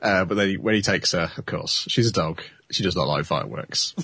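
Husky low-voiced man recapping anime. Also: a little fast, a bit bright, no echo. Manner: laughs often, recaps an anime episode. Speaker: podcast host. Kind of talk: casual podcast chat.

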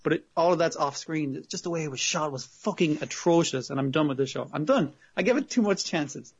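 A man's voice: on the high side, expressive, brisk, slightly rough. A man co-hosting a casual podcast, retelling scenes with acted-out quotes and some swearing. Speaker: podcast co-host reviewing anime. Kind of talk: casual chat. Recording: dull lo-fi audio.

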